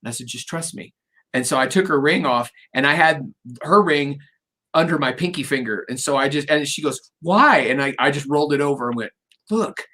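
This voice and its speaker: A man's voice: medium pitch, fairly even intonation, a little fast, pushed and bright. Chatty middle-aged man telling stories. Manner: rambling, storytelling, jokey. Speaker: radio show host. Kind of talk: casual interview chat.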